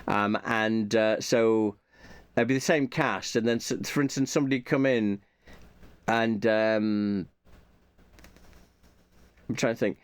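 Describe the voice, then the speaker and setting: A man's voice: fairly low pitch, clear, resonant tone, dry recording. A man talking casually and off the cuff, rambling and thinking aloud, often muttering repeated asides to himself. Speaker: YouTuber reviewing his subscriptions.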